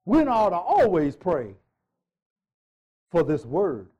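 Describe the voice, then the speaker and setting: A man's voice: high-pitched, huge pitch swings, takes it slowly, dark tone, slightly rough. A male pastor preaching a sermon in a church, emphatic, repeating phrases and joking with the congregation.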